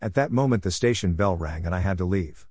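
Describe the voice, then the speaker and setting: A man narrating a religious biography as an audiobook, in a measured, steady and formal reading voice. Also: low voice, breathy edge, dry recording.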